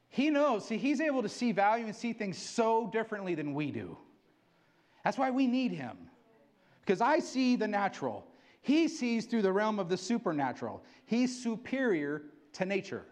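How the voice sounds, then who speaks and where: A middle-aged male pastor giving an excitable sermon, acting out quotes as he preaches. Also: sits high, normal speed.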